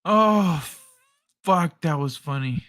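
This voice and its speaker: A woman's voice: deep voice, expressive, slow, fairly bright tone. A woman streamer giving casual reaction commentary, swearing and laughing at clips.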